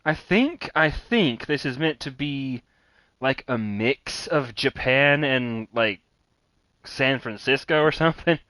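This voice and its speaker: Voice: mid-range voice, animated, takes it slowly, a bit bright, no echo. A streamer giving blunt, candid live game commentary, swearing freely. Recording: stream audio with game music behind.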